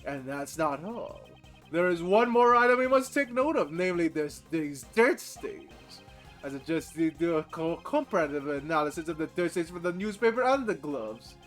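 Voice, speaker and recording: A man puts on a cool, formal prosecutor, reading game lines with measured sternness. The voice stays bright and crisp, with quiet game music underneath. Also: a little high, expressive. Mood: stern. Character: cool, composed male prosecutor, adult. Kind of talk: reading game dialogue aloud.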